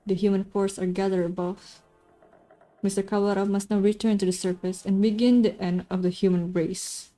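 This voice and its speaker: A woman voicing a cold, scheming male doctor in a visual novel, speaking calmly and formally. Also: mid-range voice, normal speed, soft background music, close to an everyday voice. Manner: calm, formal, menacing.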